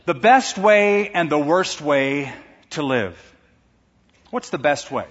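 American preacher with a fairly high voice, echoing hall. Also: male voice, expressive, slow, fairly bright tone. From United States. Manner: earnest storytelling preacher. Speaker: pastor. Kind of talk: sermon. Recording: dull audio with long hall reverb.

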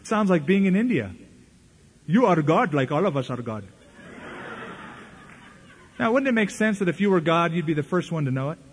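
A man's voice: a little high, sing-song, normal speed, pauses often, a little hiss or hum. A male pastor preaching a sermon, making dry, mocking asides.

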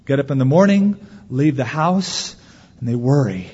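A man preaching a sermon as pastor, lively, acting out the anxious voices of worriers. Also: mid-range voice, moderate pace, slightly rough. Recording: dull lo-fi recording with long hall reverb.

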